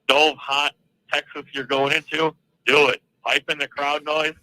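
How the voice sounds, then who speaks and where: A man calling in to a sports show, speaking calmly and easygoingly with some hesitation. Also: a little high, unhurried, rough recording. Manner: calm, easygoing, hesitant with fillers. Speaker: caller. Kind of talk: phone-in chat.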